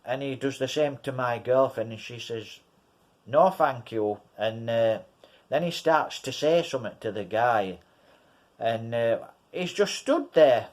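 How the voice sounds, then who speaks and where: English man, slow rambling vlog storyteller, repeats himself, mid pitch. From England. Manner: rambling, repeats himself, addresses viewers as guys. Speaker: vlogger. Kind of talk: casual storytelling to camera.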